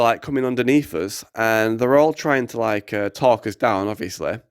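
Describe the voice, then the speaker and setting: A young man tells a story in an excitable, rambling way, full of fillers and asides. His voice is smooth and resonant, sitting at an everyday middle pitch. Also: no room sound, clean studio sound. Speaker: activist podcast host. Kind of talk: casual storytelling.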